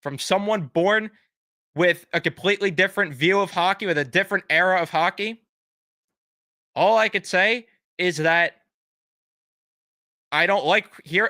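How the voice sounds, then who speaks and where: A man's voice: high-pitched, a little slow, long pauses, bright, forceful tone, no room sound. A young man live streaming as a fan, ranting casually with blunt swearing and sarcastic mock apologies.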